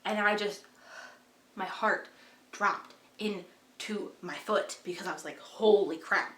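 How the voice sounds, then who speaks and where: A woman vlogger recapping a book in a casual, rambling way, gushing with excitement and dropping to a hushed voice at dramatic moments. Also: mid-range voice, slow, echoey room.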